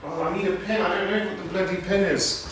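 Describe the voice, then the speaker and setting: A man's voice: sits high, steady tone, fast, a bit bright, slight background noise. A man chatting casually on a live stream from home, rambling and self-deprecating as he answers viewers' comments into his phone. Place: indoors at home.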